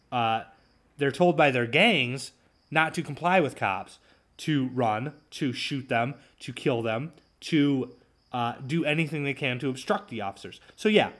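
A man's voice: mid-range voice, fairly bright tone. A man hosting his own talk show, ranting sarcastically and mocking his opponents. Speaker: podcast host. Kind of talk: solo talk show commentary.

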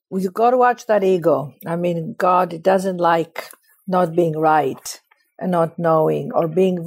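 A woman's voice: on the low side, darkish tone. A woman author speaking as a guest in an interview, emphatic and inspirational, often repeating phrases. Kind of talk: interview conversation.

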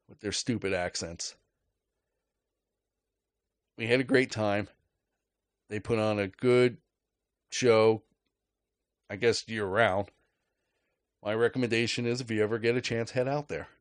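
On the low side and recorded with no room sound, a man's voice rants casually on his podcast while telling a story. His delivery is sarcastic, joking, and full of profanity.

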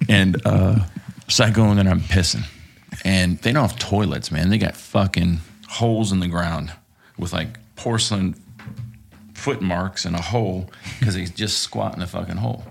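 A man's voice: deep voice, moderate pace, vocal fry, a little hiss or hum. A man guest on a podcast, telling a story in a casual, profane, laughing way. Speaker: podcast guest, former contractor.

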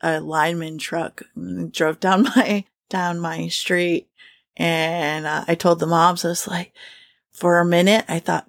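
A young adult woman from Louisiana, telling stories in an animated, chatty way with casual swearing. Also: fairly low pitch, slow. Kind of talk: casual chat.

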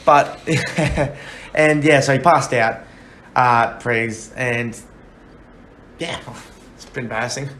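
A young man tells a rowdy trip story in loose, laughing, swear-laden chat. His voice sits at an ordinary pitch and carries the echo of a bare room. A faint hiss runs under it. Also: slow, pauses often, a bit bright. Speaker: podcast co-host. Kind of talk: casual banter. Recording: echoey room with faint noise.

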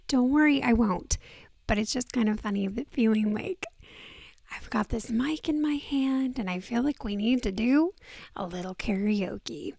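Soft-spoken woman with a groggy morning voice. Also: a little high, measured pace, no echo. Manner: soft-spoken, often drops to a breathy near-whisper. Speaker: podcast host. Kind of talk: casual podcast talk. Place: indoors on vacation. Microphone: handheld microphone.

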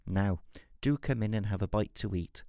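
A man voicing a clever, bold giant's wife in a fairy tale, brisk and mock-innocent. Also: fairly low pitch, gravelly, warm tone, no echo, studio quality. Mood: sweetly cunning.

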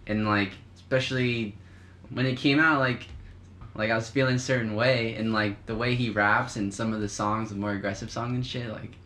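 A man's voice: lowish voice, fairly even intonation, moderate pace, bright, forceful tone. A man co-hosting a casual music chat, laid-back and full of "like.". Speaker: podcast co-host.

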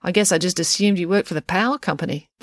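A woman's voice: fairly low pitch, fast, dry recording, studio quality. A woman voicing an exasperated, tired young boy who protests and asks indignant questions.

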